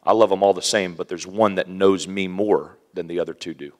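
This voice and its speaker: A man preaching a sermon, animated, acting out scenes with hushed whispers and playful voices. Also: deep voice, a little fast.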